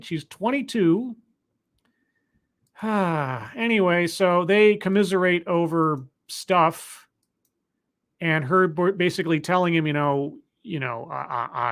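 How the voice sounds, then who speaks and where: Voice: mid-range voice, expressive, slow, fairly bright tone. A live stream host recapping a TV episode in a casual, rambling way, with sarcastic asides and restarts while clicking through footage. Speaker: show reviewer hosting a live stream.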